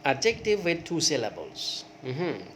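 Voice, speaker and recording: A man whose first language is Khmer teaches English grammar at an unhurried pace, reciting example words in rising drills and checking in often with "okay". A faint air-conditioner hum sits behind his mid-pitched voice. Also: wildly swooping pitch, fairly bright tone. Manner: repeats word forms in drills, rising on examples, many okays. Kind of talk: grammar lesson.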